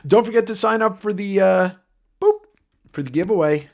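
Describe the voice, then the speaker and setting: A man's voice: mid-range voice, sing-song, a little fast. A man hosting a livestream giveaway, talking casually in a nasal voice, rambling and joking with the odd curse. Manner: rambling, joking, swears freely. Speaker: livestream host.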